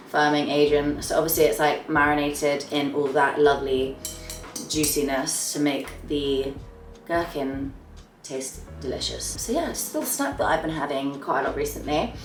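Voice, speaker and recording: A woman's voice: low-pitched, recorded from a distance. A young woman chatting to camera about her monthly favourites, gushing and trailing off at the ends of phrases. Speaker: beauty vlogger. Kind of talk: casual chat to camera. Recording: roomy sound, slightly off mic, faint music.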